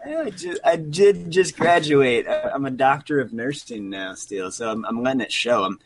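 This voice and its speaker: A man's voice: medium pitch, moderate pace. A man in his thirties hosting a casual podcast chat, easygoing and talkative, often restarting his sentences. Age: 30s. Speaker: podcast host.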